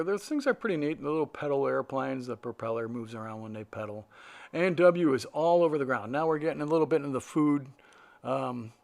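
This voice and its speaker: A man's voice: mid-range voice, creaky. A man narrating his own video in a loose, casual way, rambling with many fillers and restarts. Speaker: aviation vlogger.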